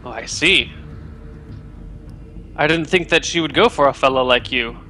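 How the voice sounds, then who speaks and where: A man with a bright, forceful voice pitched a little high, speaking in character in a genteel, mock-formal way. Faint music can be heard behind him. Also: moderate pace. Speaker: player. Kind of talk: in-character tabletop game dialogue.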